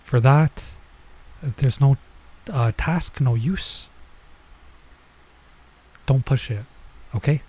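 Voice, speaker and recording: A man's voice: mid-range voice, slow, long pauses, dark tone, husky. A man running a casual Japanese lesson, reading manga lines aloud and translating them with lots of filler words. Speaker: vtuber teaching Japanese.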